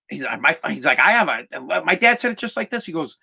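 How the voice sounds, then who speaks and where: Male podcast host in his thirties, high and bright voice, blunt, profane storyteller. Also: fast, creaky. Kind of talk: ranting monologue.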